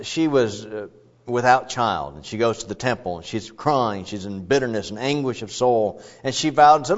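Conversational male preacher, dull sound. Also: medium pitch. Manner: conversational and digressive, with asides. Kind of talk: expository sermon. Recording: dull lo-fi recording.

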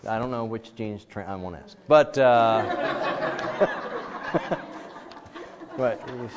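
A middle-aged man teaching a Bible class in a casual, animated way, acting out the quoted dialogue. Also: on the low side, drawn-out words, very noisy. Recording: dull lo-fi sound with long reverb.

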